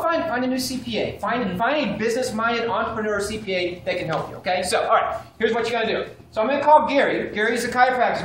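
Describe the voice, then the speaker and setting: An animated man runs a live training session, throwing questions at the room and acting out phone calls. His voice bounces around a very reverberant hall, with faint background ambience underneath. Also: high-pitched, a little hiss or hum. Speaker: sales trainer. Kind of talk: live seminar teaching. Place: seminar room with a live audience.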